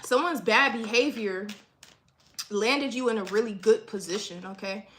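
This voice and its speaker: This livestream tarot reader is a woman with a medium-pitched voice and a moderate pace, heard through a very noisy recording. She keeps the reading casual and crude, repeating herself and tacking "okay?" onto almost everything she says.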